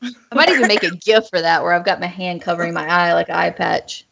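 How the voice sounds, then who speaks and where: Woman, casual stream host, rambling and giggly, gravelly edge, dull lo-fi call audio. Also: lowish voice, brisk, very noisy. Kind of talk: casual group livestream chat.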